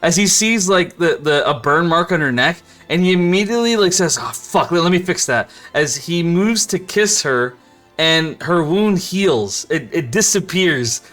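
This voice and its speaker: A woman's voice: fairly low pitch, expressive, a little slow, fairly bright tone. Woman game master narrating a tabletop session, rambling, laughing, light music under. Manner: rambling, laughing, many fillers.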